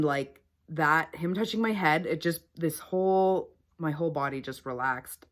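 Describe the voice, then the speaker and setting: A woman with a low voice talks straight to the camera about her faith. Her delivery is earnest and chatty, full of "like" and "um" as she tells her own story. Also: a bit bright. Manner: earnest, chatty, many fillers. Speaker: faith vlogger. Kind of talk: personal testimony to camera.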